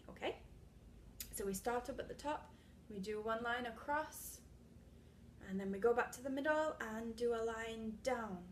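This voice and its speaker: A young woman giving a read-aloud literacy lesson to small children, explaining slowly and patiently and checking in with "okay?" as she goes. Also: fairly high pitch, darkish tone, slight background noise. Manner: claps and calls out syllables, some words half-whispered. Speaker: reading teacher.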